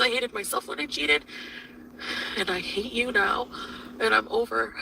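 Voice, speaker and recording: A woman's voice: on the high side, lively intonation, a little slow, creaky, pauses often, sharp tone. A woman venting angrily on a livestream, swearing heavily as she rants at length. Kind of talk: emotional livestream rant. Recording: distant mic with faint noise.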